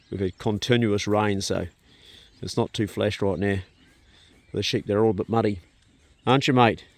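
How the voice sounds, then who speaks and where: Male homesteader, relaxed vlog chat outdoors; talks to his animals; farm animals audible. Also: lowish voice, no room sound. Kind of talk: casual outdoor vlog commentary. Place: outdoors on a rural farm paddock. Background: sheep and dogs nearby.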